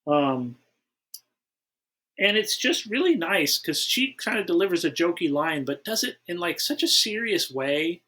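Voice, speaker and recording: Male podcast host, enthusiastic fan, bright slightly high voice, casual rambling delivery. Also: big pitch swings, a little slow. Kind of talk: casual film chat.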